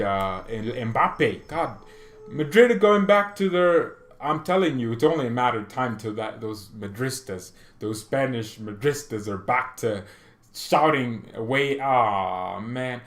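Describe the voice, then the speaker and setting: A man's voice: mid-range voice, fairly bright tone. Rambling man in an echoey room. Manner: rambling, opinionated, self-interrupting. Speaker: fan channel host. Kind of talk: casual football commentary vlog.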